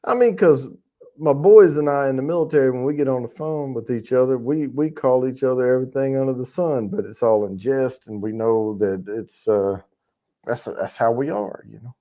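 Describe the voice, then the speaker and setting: A man's voice: mid-range voice, moderate pace, warm tone. A man hosting a casual livestream, rambling and chatting with viewers in the chat, swearing freely as he talks. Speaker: livestream host.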